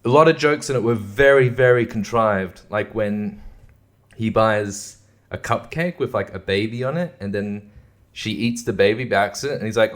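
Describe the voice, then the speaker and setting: A young man with a fairly low voice rants about movies, swearing freely and breaking into laughs. His talk is loose and sarcastic, the casual style of a podcast host. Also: normal speed. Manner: profane, sarcastic, laughs often. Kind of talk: casual rant.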